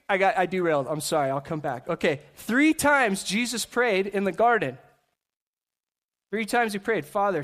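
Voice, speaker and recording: A pastor with a high-pitched voice preaches to a seated church congregation, animated as he acts out quoted voices and slips into quick asides.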